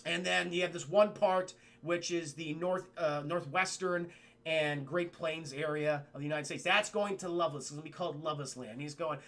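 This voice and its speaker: A man recapping a film scene by scene for his live stream chat, animated and profane, mimicking characters as he goes. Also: on the high side, moderate pace.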